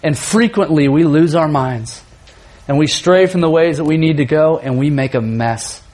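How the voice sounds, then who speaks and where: A man in his thirties, a youth pastor telling a funny family story in a sermon, animated and often laughing. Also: on the high side, normal speed.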